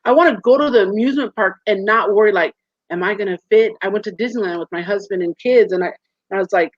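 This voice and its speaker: A woman in her forties, a guest in a casual interview, telling stories with lively acted-out quotes over a video call. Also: mid-range voice, brisk, no echo. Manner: animated storyteller, acts out quoted voices. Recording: muffled dry call audio.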